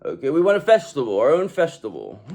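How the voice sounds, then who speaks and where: A man's voice: wildly swooping pitch, a little fast, vocal fry, a little mellow. A man reading tarot cards in a streetwise, gangster-style monologue, often tagging "okay?" onto his lines. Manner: acts out pleading enemies in a high voice. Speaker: tarot reader.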